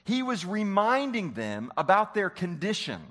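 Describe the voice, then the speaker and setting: Male preacher, sermon delivery, somewhat high and very expressive pitch, quizzes the room. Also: a little slow. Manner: animated, asks the congregation questions. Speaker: pastor.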